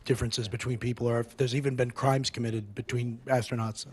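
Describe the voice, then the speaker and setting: A man in the audience with a hoarse voice, asking a polite, slightly halting question. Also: medium pitch, little pitch movement. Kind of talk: question from the floor.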